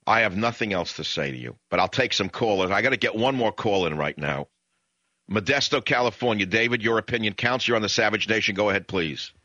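A man's voice: fairly low pitch, animated, a little fast, pushed and bright, no room sound, lo-fi sound. A man hosting a talk radio show, delivering a combative monologue in bombastic bursts. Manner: bombastic, rising to emphatic peaks.

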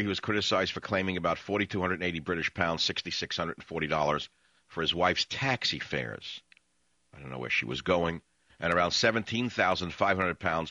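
A man's voice: low voice, pushed and bright, dry recording, dull audio. A man hosting a political talk radio show, reading news items aloud and mocking them in a sarcastic, ranting monologue.

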